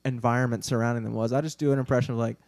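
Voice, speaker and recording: A man's voice: mid-range voice, fairly even intonation, racing, gravelly, darkish tone, dry recording. A man co-hosting a podcast in a studio, rambling and joking in a self-deprecating way. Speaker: podcast co-host. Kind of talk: casual podcast chat.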